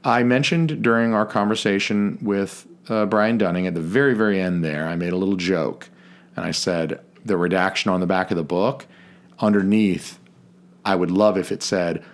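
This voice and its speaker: A man's voice: low voice, normal speed. A man co-hosting a casual podcast chat, joking and swearing as he tells stories. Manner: chatty, profane, jokey storyteller. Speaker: podcast co-host.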